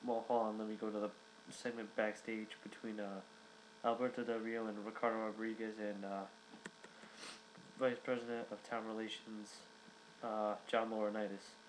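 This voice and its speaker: A man's voice: fairly low pitch, level tone, normal speed, a little hiss or hum, poor audio. A young man giving a casual recap, rambling with many fillers and restarts. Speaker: wrestling reviewer.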